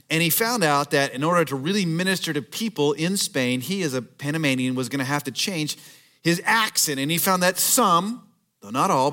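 A male pastor delivering a sermon in church, moving between emphatic preaching and hushed storytelling. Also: a little high.

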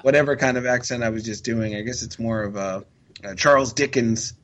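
A man's voice: mid-range voice, fairly quick, fairly bright tone. A man co-hosting a casual podcast chat, talkative and self-deprecating, often restarting his sentences. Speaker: podcast co-host and magazine writer.

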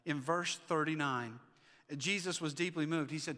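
High-voiced preacher in a reverberant hall. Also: male voice, normal speed. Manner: animated, acts out the Bible figures' lines. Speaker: pastor. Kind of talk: sermon. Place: church sanctuary.

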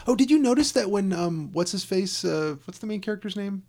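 A man in casual chat about films, animated and playful, drifting into silly voices. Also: high-pitched, a little fast, gravelly, hardly any pauses.

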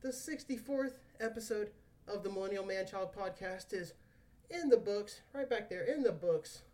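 A man's voice: high-pitched, animated, normal speed, a little mellow, distant mic. A man hosting a podcast, talking casually and joking around, swearing now and then. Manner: laid-back, jokey, swears casually. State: out of breath after squats. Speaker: podcast host.

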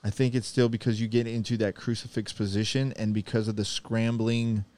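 Male podcast co-host, low smooth voice, laid-back profane banter. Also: fairly quick. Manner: laughing, profane, animated banter. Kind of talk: casual chat.

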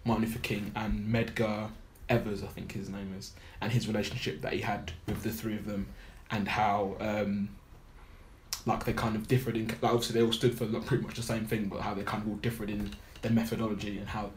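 A man on a film podcast recounting a documentary in casual chat, pausing often with fillers as he searches for details. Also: on the low side, slight background noise. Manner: halting, many fillers while recalling a documentary.

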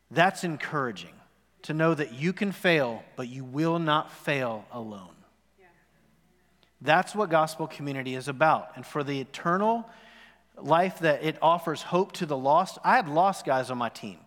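A man's voice: a little high, animated, normal speed, a bit bright. A man in his forties preaching a sermon as pastor, telling a story and asking the congregation questions. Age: 40s. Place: church sanctuary. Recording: long reverb in a worship hall.

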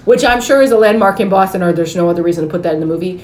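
A woman's voice: on the low side, very fast, darkish tone. A woman hosting a podcast, retelling a movie plot in casual chat with some swearing. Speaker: podcast host. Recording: echoey room with faint noise.

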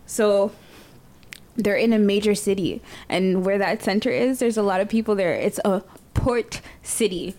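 A woman with a middle-pitched voice chats casually. She explains her point at length to her friends. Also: a little slow, a little mellow. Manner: chatty, explaining. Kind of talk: casual chat.

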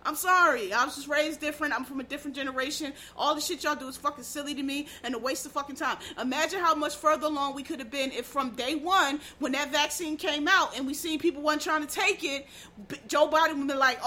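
High, bright-voiced blunt woman ranting. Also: brisk. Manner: blunt, profane, emphatic. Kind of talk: casual ranting commentary.

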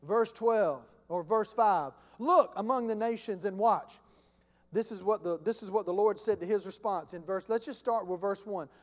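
High-voiced preacher in a reverberant hall. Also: male voice, normal speed, hardly any pauses, a little mellow. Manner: impassioned, calls out to the congregation. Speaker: pastor. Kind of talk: sermon.

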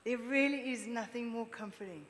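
A woman's voice: fairly high pitch, normal speed. Woman preaching in a reverberant hall. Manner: lively, chatty, draws the audience in with questions. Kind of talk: sermon to a congregation. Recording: long reverb with faint background noise.

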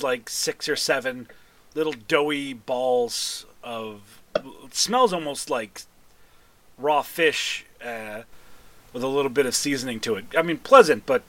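A man's voice: mid-range voice, fairly bright tone, no echo. A man running a tabletop game as game master, narrating casually with frequent fillers and laughter. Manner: casual, rambling, laughs often.

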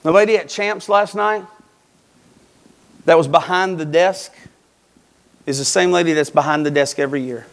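A man's voice: on the high side, moderate pace, long pauses. A man preaching a sermon, emphatic, repeating phrases and addressing the congregation directly.

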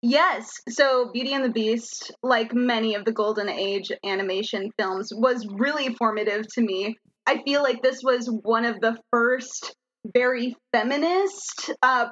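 A woman's voice: fairly high pitch, a bit bright, dull audio. A woman in her thirties, a theater artist guesting on a podcast, chatting casually, swearing and laughing easily. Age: 30s. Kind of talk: casual chat.

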